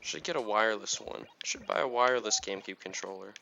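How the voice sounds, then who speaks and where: A man's voice: lowish voice, fast talker, gravelly, bright, forceful tone, highs cut off, faint music behind. A young man giving casual, rambling commentary while playing a video game, with lots of fillers. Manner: chatty, rambling, with many fillers. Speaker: gaming YouTuber.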